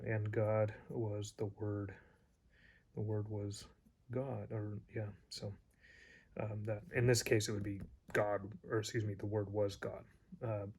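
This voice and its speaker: A man's voice: fairly low pitch, husky. A man teaching a casual lesson, rambling and hesitant with many fillers and restarts. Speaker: Greek teacher.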